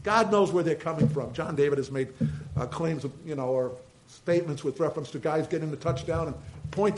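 A man, a pastor preaching a sermon with animated swings between loud emphasis and quiet asides. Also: on the high side, low-quality recording.

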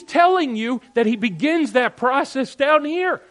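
A man preaching in a conversational Bible-teaching style, animated and direct, swinging between loud and hushed and often checking in with "all right?". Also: very high voice, unhurried. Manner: talks straight to listeners with frequent "all right?".

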